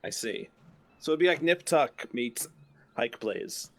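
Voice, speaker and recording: A man streaming a video game with friends, chatting casually and getting excited during races. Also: medium pitch, measured pace. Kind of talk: casual gaming stream chat. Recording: clear background noise.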